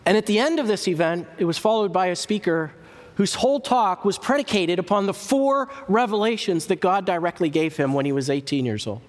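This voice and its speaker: A man preaching a teaching sermon, slow and emphatic, repeating key words with long pauses. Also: sits high. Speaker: church historian and lecturer. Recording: reverberant hall recording.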